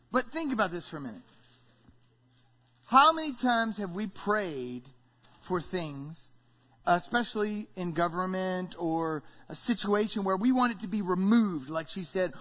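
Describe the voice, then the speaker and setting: A man with a high voice preaches an animated sermon. He reads scripture and acts out the congregation's complaints in his own words. The recording is dull and lo-fi. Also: unhurried.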